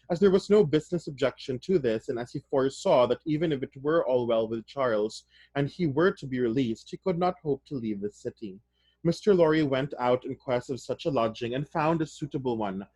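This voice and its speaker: A man reads a novel aloud in a plain, mid-pitched voice. Between passages he breaks into casual, excited commentary for his listeners. The sound is close and dry with no room echo. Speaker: reader of a novel.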